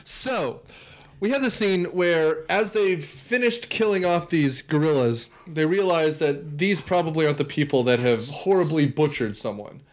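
Tired, slightly high-voiced guy rambling. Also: moderate pace. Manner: rambling, wry, sarcastic asides. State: sleepy. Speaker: podcast co-host. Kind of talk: casual chat.

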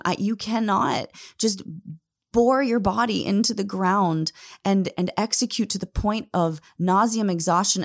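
A woman's voice: mid-range voice, gravelly. A woman in her thirties giving an earnest, emphatic motivational talk, often addressing listeners directly as "guys.". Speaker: motivational speaker.

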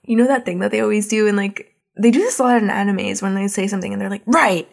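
A young woman hosting a podcast, casually recapping an anime episode in an animated way, full of swearing and "like" as she acts out the characters. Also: medium pitch, fast, gravelly. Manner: animated, swears a lot, heavy use of "like"; acts out characters' lines in exaggerated voices. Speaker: podcast host.

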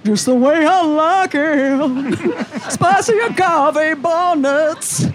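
A woman's voice: sits high, extremely slow, slight background noise. A woman singing a review as a campy impression of a famous pop diva. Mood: campy sung. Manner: sung to a pop melody, campy.

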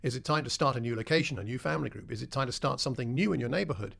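A man's voice: medium pitch, lively intonation, racing, gravelly, a bit bright. A man preaching a sermon in a conversational way, putting questions to his listeners.

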